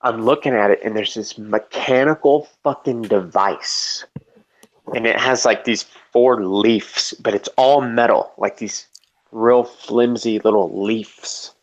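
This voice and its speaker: A man's voice: mid-range voice, slow pace, dull audio. A man telling a long story in casual chat, rambling and profane, full of "like" and restarts. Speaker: storyteller in a live debate chat.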